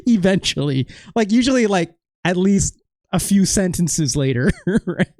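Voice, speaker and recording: A man's voice: sits high, animated, measured pace, a little mellow, no room sound. Man doing laid-back game commentary: rambling, self-deprecating, dry close sound. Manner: rambling, self-deprecating, lots of filler and trailing off. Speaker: let's play host. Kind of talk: casual gameplay commentary.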